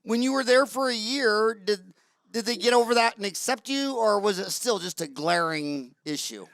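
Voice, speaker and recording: A man's voice: sits high, lively intonation, normal speed, gravelly, fairly bright tone, dry recording. A man hosting a podcast interview in casual chat, a rambling, jokey storyteller. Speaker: podcast host.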